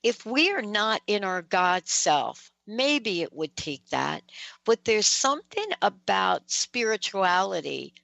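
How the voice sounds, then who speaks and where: A woman hosting a radio talk show, chatty and animated as she tells a story. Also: medium pitch, takes it slowly, creaky, dry recording. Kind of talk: casual radio interview.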